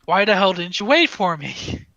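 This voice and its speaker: A tough half-orc woman snaps in brusque, impatient remarks, as a man puts her on. The voice is bright and pushed a little high, heard close and dry in a tabletop game. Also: very animated, moderate pace, dry recording, muffled recording, heavily acted. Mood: annoyed. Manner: blunt and brusque.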